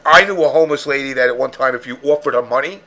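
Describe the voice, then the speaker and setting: Gravelly, bright-voiced man telling rambling stories. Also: medium pitch, rapid-fire. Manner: profane, rambling storyteller. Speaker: podcast host. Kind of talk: casual chat.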